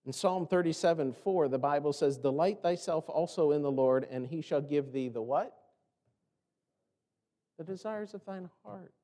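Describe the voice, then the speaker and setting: With a fairly high pitch, dark tone, and moderate pace, a pastor preaches in an easy, conversational way, and a long reverb tail follows his words. He asks rhetorical questions and plays out the complaints he's quoting.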